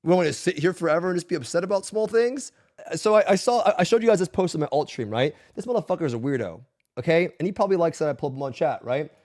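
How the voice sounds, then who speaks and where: A male game streamer rants in a heated, profane, emphatic way, talking straight to his viewers. His voice sits high for a man. It is casual live-stream talk. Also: lively intonation, rapid-fire, a little mellow.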